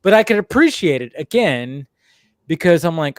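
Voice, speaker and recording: A man's voice: fairly high pitch, sing-song, normal speed, no room sound, studio quality. A man hosting a casual film discussion stream, rambling and swearing often as he talks through his opinions. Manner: rambling, profane, repeats himself. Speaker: host.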